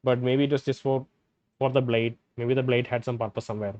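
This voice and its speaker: A man playing a role-playing game, reading its dialogue aloud and thinking out loud between lines. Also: mid-range voice, steady tone, a little fast, dry recording, muffled recording. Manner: hesitant, restarts and fillers, reads dialogue in plain voice. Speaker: gameplay streamer.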